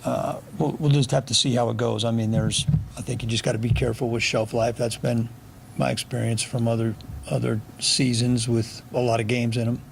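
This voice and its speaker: A middle-aged man coaching football speaks to the press with a gravelly edge. He is blunt and dry and answers with a sarcastic streak. Faint background noise hangs under his voice. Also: mid-range voice, little pitch movement, fairly quick. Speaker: football offensive coordinator.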